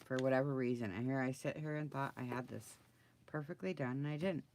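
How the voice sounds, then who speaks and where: A woman's voice: very deep voice, brisk, darkish tone. A woman crafter talking casually through her project, muttering to herself and getting flustered. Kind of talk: casual crafting video talk.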